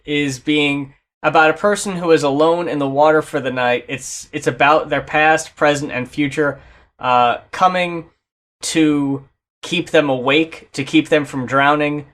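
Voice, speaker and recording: A man's voice: on the high side, a bit bright. A man co-hosting a casual album reaction talk, enthusiastic and swearing, at times reading notes aloud. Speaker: co-host reviewing albums.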